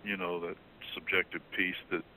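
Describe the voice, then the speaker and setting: A man in a theological discussion, explaining earnestly and jumping up in pitch when he quotes someone. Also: little pitch movement, moderate pace, pushed and bright, slight background noise, low-quality recording. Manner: earnest, explanatory, rises sharply when quoting. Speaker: theologian being interviewed.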